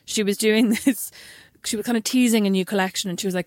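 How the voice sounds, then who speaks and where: A woman co-hosting a casual chat show, talking in a quick, gossipy, giggly way. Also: mid-range voice, steady tone, no room sound, studio quality. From Ireland. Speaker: podcast co-host.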